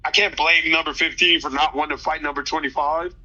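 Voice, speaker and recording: Casting: man in his 30s, very bright slightly high voice, slangy rambling interview guest, dull lo-fi audio. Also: fairly even intonation, quick pace, hardly any pauses. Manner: loose, rambling, slangy, many restarts. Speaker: fighter guest. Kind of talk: casual interview chat.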